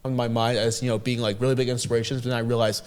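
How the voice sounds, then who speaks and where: A man's voice: medium pitch, little pitch movement, racing. A teenage boy answering interview questions, rambling with many restarts. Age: teens. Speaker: student guest.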